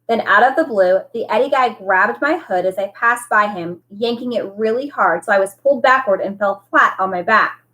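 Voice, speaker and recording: A woman who teaches, reading a novel aloud with expressive storytelling. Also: medium pitch, moderate pace.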